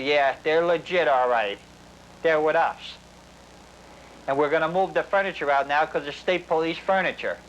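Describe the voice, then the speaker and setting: A man's voice: a little high, fairly bright tone. New man, middle-aged retired cop, plain-spoken documentary narrator, noisy recording. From New Jersey. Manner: plain-spoken storytelling that acts out quoted dialogue. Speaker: retired police officer working undercover.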